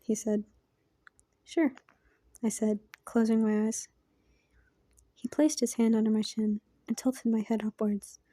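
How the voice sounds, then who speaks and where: Quiet, half-whispering woman reading a story. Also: fairly high pitch, level tone, normal speed, no room sound. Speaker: fan fiction reader. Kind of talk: reading a fan story aloud.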